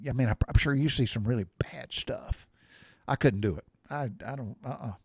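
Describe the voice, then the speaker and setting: A man's voice: medium pitch, normal speed, husky, no echo, clean studio sound. A man in his sixties chatting casually to his viewers, folksy and rambling, wandering off on tangents. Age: 60s. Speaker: vlogger. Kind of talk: casual chat.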